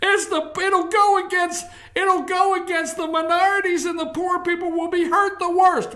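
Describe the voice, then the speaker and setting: A man's voice: very high-pitched, little pitch movement, moderate pace, pushed and bright, reverberant. A man hosting a talk show, ranting through sarcastic political commentary.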